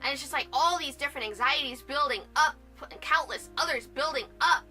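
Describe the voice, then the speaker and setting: A woman's voice: high voice, fairly quick, pushed and bright, faint music behind. A young woman talking casually in a vlog, rambling and restarting with lots of fillers. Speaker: vlogger.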